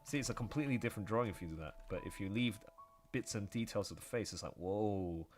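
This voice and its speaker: A man's voice: fairly low pitch, fast, soft background music. A man talking casually on a livestream while drawing, rambling and chatty. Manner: rambling and chatty, full of fillers and asides. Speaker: artist streaming while drawing.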